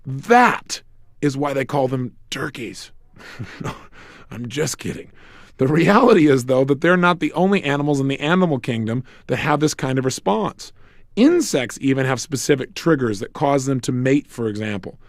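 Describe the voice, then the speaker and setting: A man's voice: mid-range voice, animated, moderate pace, no echo, clean studio sound. A middle-aged man giving a motivational self-help lecture, emphatic, asking rhetorical questions and acting out bits of dialogue.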